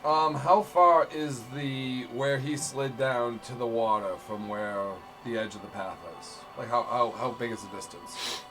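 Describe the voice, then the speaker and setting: A man at a game table thinks aloud, hesitant and dotted with ums, at an average pitch. Music plays behind the talk. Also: fairly even intonation, measured pace, a bit bright, poor audio. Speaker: player.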